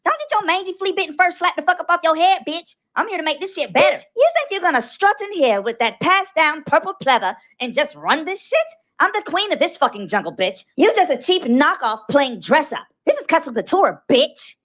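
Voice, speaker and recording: A woman voicing a sassy female villain in an animated parody sketch, firing off rapid, profane roasting insults. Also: sits high. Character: sassy female villain trading trash talk. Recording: dull lo-fi sound.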